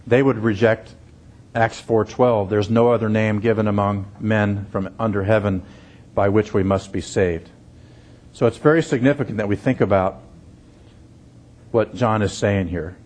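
A man's voice: lowish voice, a little mellow. A man preaching an expository sermon, earnest and emphatic, repeating key phrases for weight. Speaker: pastor.

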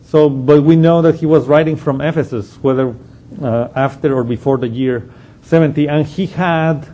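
A man's voice: fairly high pitch, fairly even intonation, moderate pace, mellow. A man giving an unscripted Bible study lesson, explaining a passage step by step and thinking aloud as he goes. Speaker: Bible teacher.

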